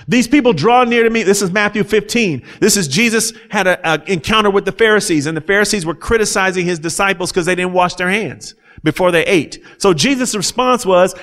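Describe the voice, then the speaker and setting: A man's voice: high-pitched, a bit bright. A man preaching a sermon, reading scripture aloud and explaining it with rising fervor. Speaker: pastor.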